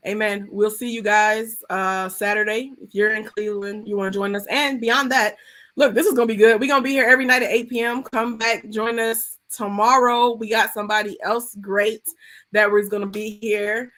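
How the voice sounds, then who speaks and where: A woman pastor talking on a livestream through a video call. She speaks in casual slang with a lot of energy. When she prays, her voice swings between loud, high bursts and quiet, low stretches. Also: normal speed. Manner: animated, slangy, preacherly. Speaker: art therapy pastor hosting a livestream. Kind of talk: casual livestream chat and prayer.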